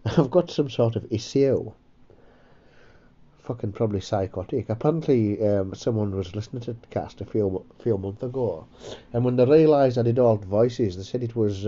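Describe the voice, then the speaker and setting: A man with a medium-pitched, warm voice hosts a comedy podcast, rambling, swearing, and poking fun at himself in casual chat. The highs in the audio are cut off.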